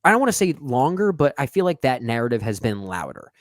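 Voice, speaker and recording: A man in casual film podcast chat, with a voice of middle pitch. He talks thoughtfully, hedging with frequent fillers. The recording is dry, with no room sound. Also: big pitch swings, fast, dry recording.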